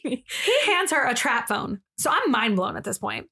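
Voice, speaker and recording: Woman podcast co-host with a fairly high voice, retelling a story casually and with energy, laughing often. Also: normal speed, creaky, husky. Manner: animated retelling with slang and frequent laughter. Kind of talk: casual storytelling, reading a thread aloud.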